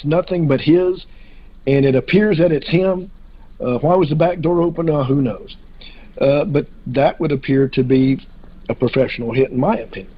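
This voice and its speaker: Husky man, muffled lo-fi audio. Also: on the high side. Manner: hesitant, frequent fillers and restarts. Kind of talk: casual podcast discussion.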